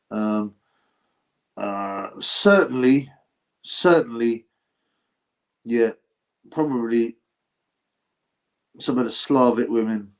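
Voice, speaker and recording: A man hosting a casual livestream about boxing, rambling between topics with many fillers and chuckles. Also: mid-range voice. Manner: rambling, chatty, with frequent fillers and laughs. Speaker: boxing channel host.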